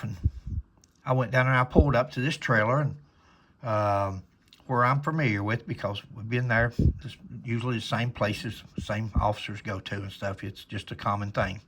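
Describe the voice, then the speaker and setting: A man's voice: mid-range voice, a bit bright, slight background noise. A man, a former police officer, telling a rambling, folksy story in casual conversation to camera.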